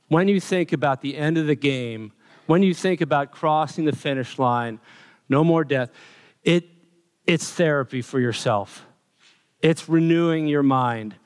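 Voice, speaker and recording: A man's voice: a little high, smooth. A man preaching a sermon in a church, emphatic and building repeated lists of phrases. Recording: long reverb of a large hall.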